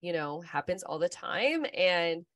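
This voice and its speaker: A woman's voice: on the low side, big pitch swings, a little slow, fairly bright tone, dry recording. A woman in her thirties co-hosting a podcast, telling stories in a candid, rambling casual chat full of "like". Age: 30s. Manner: candid, rambling storytelling with frequent "like". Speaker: podcast co-host.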